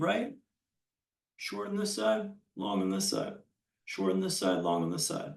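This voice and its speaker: Keynote speaker, male, high gravelly voice, punchy storytelling with dramatic pauses, echoey hall. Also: far from the mic. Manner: self-deprecating humor. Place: conference hall stage.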